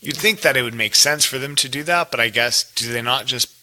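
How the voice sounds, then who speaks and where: A man hosts a podcast interview with a very bright, forward tone. He asks casual questions and restarts them hesitantly as he goes. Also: mid-range voice, a little fast. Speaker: podcast host.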